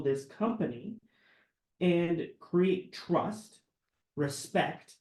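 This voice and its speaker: A man's voice: on the high side, darkish tone, echoey room, low-quality recording. A man co-hosting a sales webinar from an office room, earnest and enthusiastic as he tells stories about customers. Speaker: sales lead and webinar co-host. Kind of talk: casual webinar chat.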